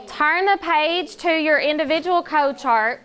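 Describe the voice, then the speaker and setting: A woman teacher leading a phonics lesson, giving clear, patient directions and drawing out sounds slowly. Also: high voice, fairly bright tone. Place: classroom.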